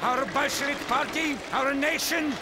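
A fiery Soviet commissar. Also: male voice, very high-pitched, normal speed, over a noisy crowd, very noisy. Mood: solemn. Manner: fiery, rousing speech. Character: stern male Soviet commissar rallying troops. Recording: loud game music under voice.

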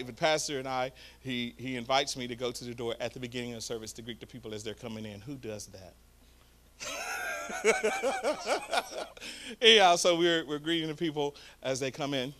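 A man preaching a storytelling sermon, swinging from hushed asides to loud shouts. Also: medium pitch, normal speed, pauses often. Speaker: guest preacher. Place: church sanctuary.

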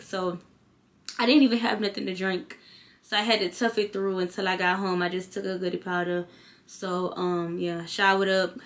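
Tired chatty woman vlogger. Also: medium pitch. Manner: chatty storytelling, slangy, animated when retelling. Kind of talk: casual late-night chat to camera.

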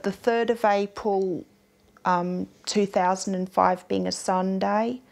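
Gravelly-voiced woman recalling exact dates. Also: medium pitch, fairly even intonation, slow pace, a little mellow. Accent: Australian. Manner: plain, literal, recalls precise dates. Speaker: interviewee. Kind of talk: interview answers.

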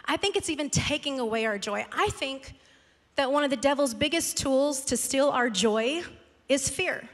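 A woman pastor telling a self-mocking story in a lively sermon. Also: high voice, moderate pace. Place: church sanctuary. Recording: large hall with long reverb.

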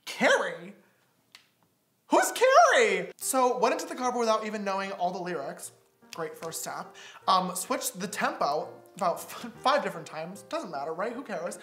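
A young man with a bright, lively voice mocks his old videos with sassy reactions. He is recorded in an echoey room. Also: high-pitched, normal speed, faint music behind. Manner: sassy, mocking, with lots of laughing. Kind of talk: reaction commentary.

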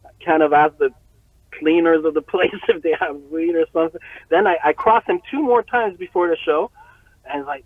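A man telling a story as an interview guest, profane and animated, often breaking into laughter. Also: on the high side, moderate pace, no echo. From Montreal. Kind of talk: casual storytelling. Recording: tinny phone-like line, very dry.

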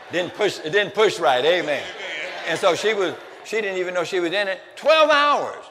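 A man preaching a sermon as a pastor, telling a personal story with repeated words and restarts, building up to shouts. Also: high voice, sing-song, measured pace, long pauses. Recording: long hall reverb, faint noise.

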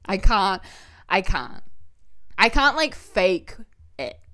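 Young woman, podcast co-host, casual chat, blunt profane quips, lively pitch. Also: slow.

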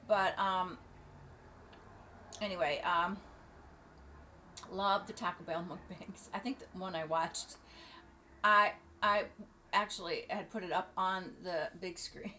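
A middle-aged woman vlogging casually, rambling and halting with many fillers and restarts. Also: mid-range voice, sharp tone, a little hiss or hum. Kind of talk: casual opinion vlog. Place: at home near the beach.

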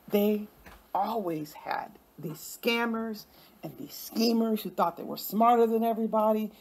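A woman's voice: medium pitch, creaky. A woman hosting an online commentary show, ranting in an indignant, confrontational way and swearing freely. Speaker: YouTube commentary host.

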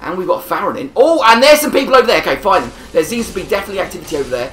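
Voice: mid-range voice, expressive, rapid-fire, a bit bright, slight background noise. A gamer talks through an online match in a loose, rambling way, often breaking into laughter. The voice sits in a middling register and carries a noticeable room echo. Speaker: gameplay commentator. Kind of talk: casual gameplay commentary. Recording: roomy echo.

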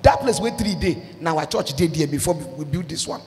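A Nigerian woman pastor preaching a sermon, breaking into shouted and sung outbursts. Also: sits low, expressive, a little fast, long reverb tail, soft background music.

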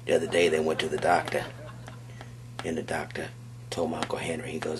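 A very low, gravelly male voice that drawls through a profane stand-up routine at an unhurried pace. The live recording carries plenty of noise behind him. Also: level tone. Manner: profane, drawling, rough-edged delivery. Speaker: stand-up comedian. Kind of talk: crude stand-up set. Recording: noisy live club recording.

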